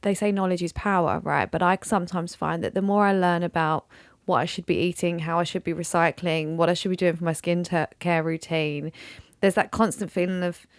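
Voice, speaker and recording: A woman's voice: lowish voice, steady tone, brisk, no room sound. Woman host asking probing questions. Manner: warm, probing questions with light laughter. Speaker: podcast host. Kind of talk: interview hosting.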